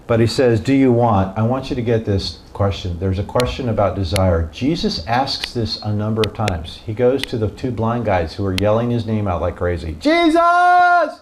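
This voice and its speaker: Amid background noise, a fairly low-voiced man leads his Bible study as pastor, talking at a normal speed with hardly any pauses. His style is casual, animated, and full of jokes, with questions for the group and voices acted out from the story.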